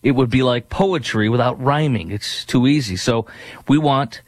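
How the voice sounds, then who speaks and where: A man's voice: mid-range voice, normal speed, dry recording. Male fill-in talk radio host, opinionated and rambling, dead-dry booth sound. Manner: opinionated, rambling with fillers and restarts.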